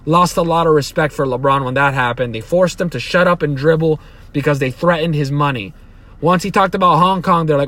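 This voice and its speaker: A man's voice: on the high side, brisk, a bit bright. A young man hosting a podcast, giving a heated, profane, rambling monologue full of restarts. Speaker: podcast host. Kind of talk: opinionated solo podcast monologue.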